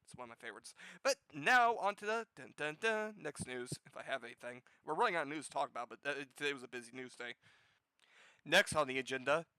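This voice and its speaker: A man hosting a gaming news show with casual commentary, profane and sarcastic, jumping from loud outbursts to low muttering. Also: expressive, fast talker, dry recording, poor audio.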